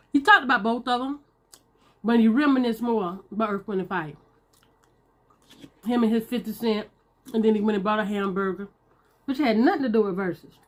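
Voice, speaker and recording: A woman, chatting casually to her viewers while eating. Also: fairly high pitch. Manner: chatty, talks to viewers as y'all, Southern US slang. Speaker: mukbang vlogger.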